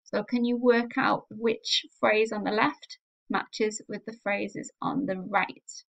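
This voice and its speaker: A woman's voice: mid-range voice, steady tone, slow, creaky, highs cut off. A woman teacher giving a recorded online language lesson, explaining patiently and often checking in with "okay?".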